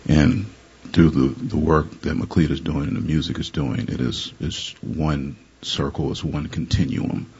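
Very deep, gravelly male musician. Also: fairly even intonation, normal speed, hardly any pauses, a little mellow, lo-fi sound. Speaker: musician, guest. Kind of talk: radio interview.

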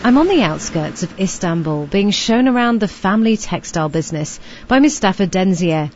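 A woman presenting a business radio programme, in clear, scripted delivery and on-location interviews. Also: mid-range voice, animated, moderate pace, darkish tone, dull audio, a little hiss or hum. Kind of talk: radio presenting and field reporting.

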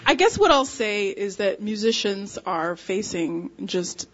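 A woman musician guest talking casually, emphatic and quick to laugh. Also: mid-range voice, muffled recording, slight background noise. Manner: animated, laughs easily, emphatic. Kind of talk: casual conversation.

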